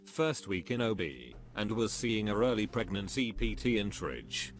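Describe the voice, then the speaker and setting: A man's synthetic text-to-speech voice reading stories aloud in an even, steady way. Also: on the low side, unhurried, soft background music. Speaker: story reader.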